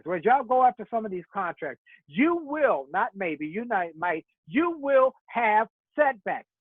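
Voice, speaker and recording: With a high voice and no echo, a keynote speaker gives a motivational talk, weaving stories in a preacherly cadence with rhyming slogans. The audio sounds tinny and phone-like.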